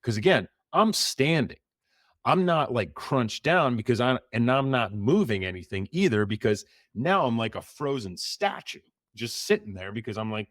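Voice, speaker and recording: A man's voice: medium pitch, lively intonation, moderate pace, a bit bright, dry recording, clean studio sound. A middle-aged man, a former Navy SEAL, vividly retelling a story in an interview and acting out the dialogue.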